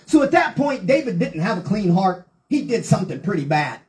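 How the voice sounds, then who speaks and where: A woman's voice: medium pitch, very animated, fairly quick, hardly any pauses, darkish tone, low-quality recording. A woman preaching a Pentecostal sermon, reading scripture aloud with fervent, rousing delivery.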